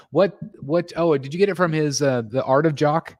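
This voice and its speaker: A man hosting a casual collecting live stream from his home, reading viewer comments aloud and thanking members, his voice jumping up when he gets excited. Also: normal speed, hardly any pauses, no room sound, clean studio sound. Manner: excitable, jumps in pitch when greeting members. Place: home room.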